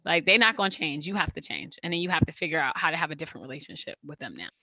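A woman therapist hosting a casual podcast chat, talking quickly and playfully and laughing often. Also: sits low, big pitch swings, pushed and bright, no echo.

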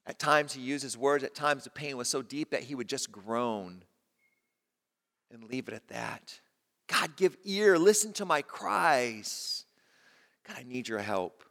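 A male pastor preaching a sermon, moving between hushed low passages and rising emphatic stretches. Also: big-room sound. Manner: dynamic preaching, drops to soft low tones and rises with emphasis.

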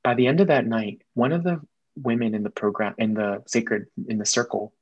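A young man, a guest, telling a personal story in casual conversation, quick and earnest, slipping in Spanish phrases. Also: mid-range voice, fairly even intonation, darkish tone, breathy edge, no echo, dull audio.

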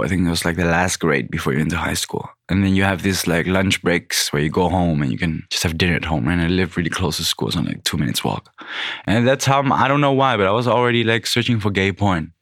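A man's voice: sits low, fairly quick, a bit bright, dry recording, studio quality. A man in his thirties who grew up in the Netherlands, a podcast guest speaking bluntly and frankly in casual chat, swearing freely. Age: 30s.

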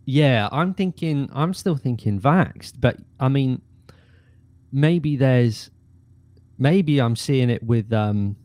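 Animated man, lively laughing chat. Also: mid-range voice, slow, no room sound. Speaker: guest, actor. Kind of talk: casual chat.

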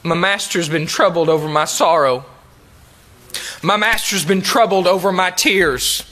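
Bright, high-voiced male preacher. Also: measured pace. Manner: reads King James verses then comments with emphatic repetition; drops to soft, low tones in tender appeals. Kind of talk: expository sermon reading scripture.

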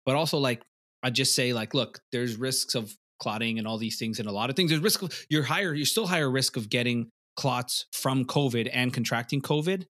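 A young man co-hosting a podcast in casual chat, animated and slangy, often laughing and acting out what people say. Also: medium pitch, fairly quick. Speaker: podcast co-host.

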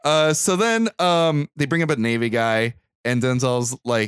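A man's voice: medium pitch, steady tone, fairly bright tone, smooth, dry recording, studio quality. A man co-hosting a podcast, chatting casually about a film and joking along. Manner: laid-back, quick to laugh and joke. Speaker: podcast co-host. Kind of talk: casual movie chat.

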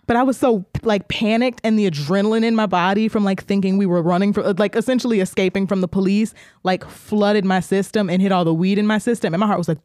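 A woman's voice: medium pitch, fairly even intonation, quick pace, hardly any pauses, a little mellow, no room sound, studio quality. A woman podcast co-host telling a story in casual chat, laughing often and acting out the voices she quotes.

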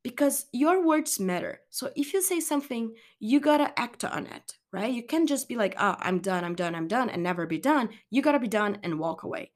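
A woman's voice: fairly high pitch, animated, fairly quick, few pauses, a little mellow. A young woman talking straight to her viewers about anxiety and self-care, earnest and rambling, often restarting her sentences. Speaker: wellness vlogger. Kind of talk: candid motivational monologue.

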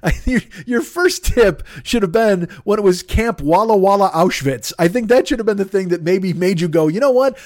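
High-voiced man in a profane rant. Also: darkish tone, no room sound, studio quality. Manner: profane, sarcastic, exasperated. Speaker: podcast host. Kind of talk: ranting monologue.

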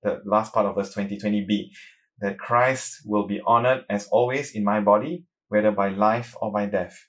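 A man's voice: steady tone, moderate pace, a bit bright. A man preaching an earnest, emphatic sermon on suffering, reading scripture aloud between his points. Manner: rises in pitch and volume when reading scripture.

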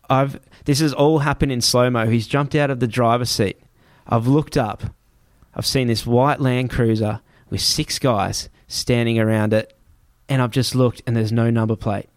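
A man's voice: mid-range voice, no room sound. Swearing man telling a tense story. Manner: heavy swearing, vivid re-telling with restarts. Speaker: guest. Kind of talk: casual spoken storytelling. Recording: dry close sound.

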